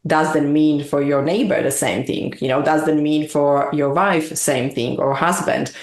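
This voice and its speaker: A woman's voice: deep voice, fairly even intonation, normal speed, a little mellow. A woman guest in an interview, talking earnestly in long, winding explanations. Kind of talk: reflective interview talk. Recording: echoey room.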